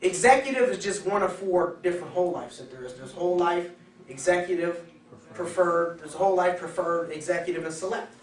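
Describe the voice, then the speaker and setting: A man's voice: sits high, fairly quick. A man leading a sales training session for insurance agents, talking casually and acting out customer conversations. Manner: animated, acts out customer dialogues. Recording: echoey room from far off.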